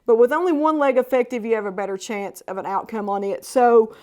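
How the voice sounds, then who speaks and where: A woman caring for rescued horses, calmly explaining a foal's treatment in a plain, practical way. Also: on the high side, fairly quick. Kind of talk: explaining horse care on camera.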